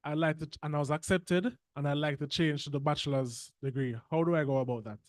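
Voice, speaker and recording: A man's voice: on the high side, fairly even intonation, a little fast, no echo. A man calling in to a show, asking questions politely and with some hesitation. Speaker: caller. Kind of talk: phone-in questions.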